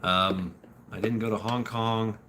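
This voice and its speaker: A man in his forties chatting casually on a live stream, answering viewer questions and telling stories, often halting, repeating words and laughing. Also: on the low side, fairly even intonation, bright, forceful tone, slight background noise.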